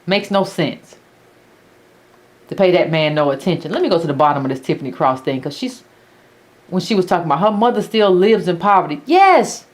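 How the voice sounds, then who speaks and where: A woman hosts a political commentary channel, delivering a monologue in a lowish, expressive voice at a brisk pace. She speaks bluntly and sarcastically.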